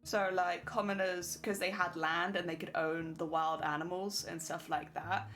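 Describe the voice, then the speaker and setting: A woman's voice: lowish voice, steady tone, moderate pace, fairly bright tone, soft background music. Chatty, giggly woman streamer. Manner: chatty, laughs often while reading chat. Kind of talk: casual live-stream chat.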